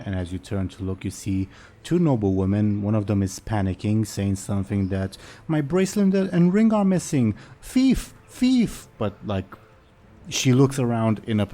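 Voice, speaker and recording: A man's voice: low voice, dark tone. A man narrating as game master of a tabletop game, rambling and hesitant.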